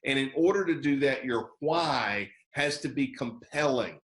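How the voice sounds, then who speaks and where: American man, sales trainer, emphatic motivational talk, mid-pitched voice, roomy echo. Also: animated, a little slow. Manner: emphatic, repeats key phrases, acts out sample calls. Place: video call training session.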